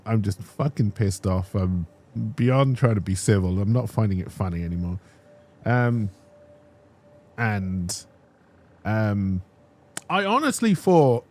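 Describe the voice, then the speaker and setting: Lower-voiced man telling a story. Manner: animated, frequent restarts and "right?". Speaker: streamer. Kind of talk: casual storytelling.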